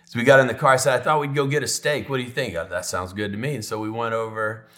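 A middle-aged man preaching, a pastor sharing a personal story from the pulpit. His voice is mid-pitched and ordinary. He turns emotional and often drops to a soft, hushed delivery in the tender moments. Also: steady tone, fast. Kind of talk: sermon storytelling.

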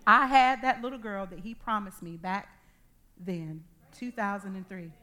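Woman preaching with lively storytelling. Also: mid-range voice, moderate pace. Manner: animated storytelling, acting out dialogue. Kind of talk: sermon with personal testimony.

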